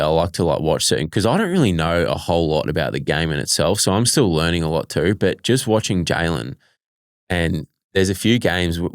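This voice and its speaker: A man's voice: a bass voice, clean tone, no echo, studio quality. A young Australian man, a professional punter, telling stories in an easygoing way as an interview guest. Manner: relaxed storytelling, easygoing. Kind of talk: casual interview chat.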